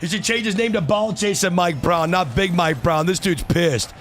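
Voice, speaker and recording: A young man streaming a car-soccer match, trash-talking opponents and yelling at his teammates. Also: high-pitched, normal speed, faint music behind. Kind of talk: live gameplay commentary.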